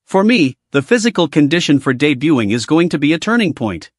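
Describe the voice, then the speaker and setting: A man voicing a cheerful teenage football prodigy, speaking in a slightly raised, even voice. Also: on the high side, fairly quick, dry recording, clean studio sound. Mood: upbeat. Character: young male football prodigy, upbeat.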